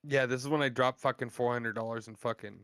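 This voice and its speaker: Profane storytelling man, smooth dry voice. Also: mid-range voice, fast, no room sound. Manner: profane, animated anecdote telling. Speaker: podcast host. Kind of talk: casual storytelling chat.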